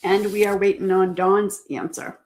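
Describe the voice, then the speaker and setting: This woman's livestream trivia hosting comes in a mid-range, somewhat dark voice with little pitch movement at a normal speed. She patiently goes over each question again and reads viewers' answers out loud.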